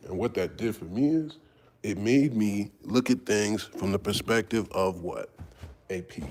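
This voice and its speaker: A man's voice: on the low side, unhurried, a little mellow, slight background noise. A man, telling his life story in casual talk, candid and profane, acting out the voices of people he quotes. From Harlem, New York. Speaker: podcast host.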